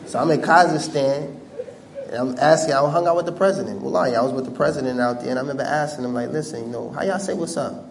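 A man's voice: mid-range voice, fast, creaky, slight background noise. A man telling a humorous story to an audience, talking conversationally with many fillers and acting out other people's voices. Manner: animated, humorous, acts out quoted voices. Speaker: speaker addressing an audience. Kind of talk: storytelling talk.

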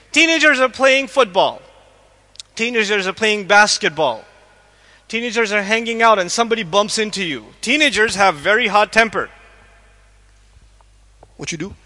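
A man giving a lively religious lecture on the Quran to a live audience, quizzing the listeners and acting out little scenes as he goes. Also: very high-pitched.

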